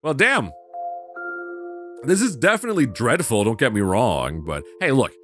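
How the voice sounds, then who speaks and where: A man's voice: mid-range voice, sing-song, moderate pace, fairly bright tone, faint music behind. A man giving casual gameplay commentary with crude, sarcastic humor.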